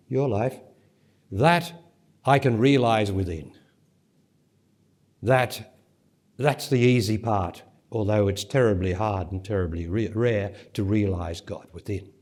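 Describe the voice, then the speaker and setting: A man giving a spiritual talk to a live audience at a conference centre, speaking emphatically, asking rhetorical questions and building to forceful peaks. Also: mid-range voice. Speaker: spiritual teacher.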